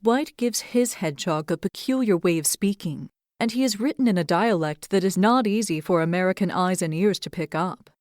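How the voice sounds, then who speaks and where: A young adult woman hosting a podcast, reading fairy tales aloud and reflecting on faith in an earnest, expressive way. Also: fairly low pitch, moderate pace, few pauses, no echo, studio quality. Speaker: podcast host and storyteller. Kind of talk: storybook narration and devotional reflection.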